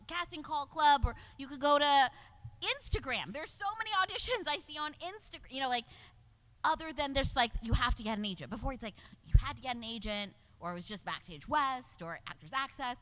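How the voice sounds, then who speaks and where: A middle-aged woman talks casually on a convention panel about her work as a voice actor and casting director. Her voice is bright and forward and a little high. She swings up and down in pitch as she chats and laughs. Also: a little fast. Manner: chatty, laughing, animated.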